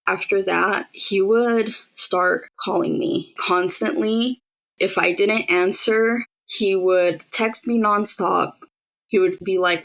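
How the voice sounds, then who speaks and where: A woman's voice: lowish voice, steady tone, slow pace, vocal fry, poor audio. A young woman candidly recounting a painful personal story, quoting what others said. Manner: candid, matter-of-fact retelling with quoted dialogue. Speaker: survivor telling her story.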